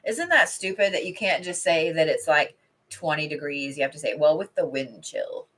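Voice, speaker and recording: A middle-aged woman talks from home in a loose, rambling way, swearing casually between card readings. Her voice is bright and forward but sits a little low. She sounds like a host chatting live with regular viewers. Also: lively intonation, moderate pace. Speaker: intuitive card reader.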